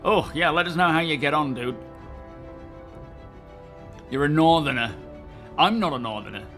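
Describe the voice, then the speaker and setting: A man's voice: on the high side, animated, moderate pace, a bit bright, soft background music. A man, casually chatting with live-stream viewers and greeting them by name. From England. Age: 30s. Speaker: game streamer reading live chat.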